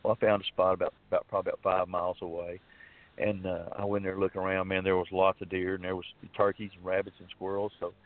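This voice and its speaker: A man's voice: sits low, little pitch movement, quick pace. A man from Arkansas with a Southern accent, telling a long hunting story in a rambling, folksy way with many fillers and restarts. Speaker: storyteller guest. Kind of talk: casual spoken storytelling. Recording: dry, phone-like narrow sound.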